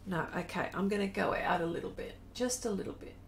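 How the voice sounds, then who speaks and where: A middle-aged woman artist chatting casually on a live stream while she draws, reading viewer comments aloud in an unhurried way. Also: mid-range voice, a little hiss or hum. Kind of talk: casual chat while drawing.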